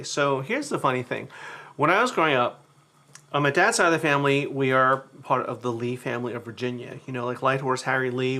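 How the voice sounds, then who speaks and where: A man's voice: medium pitch, pushed and bright. A man hosting a live cooking demo, talking chattily to his viewers while he cooks. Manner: chatty storyteller who talks to the chat. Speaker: cooking show host.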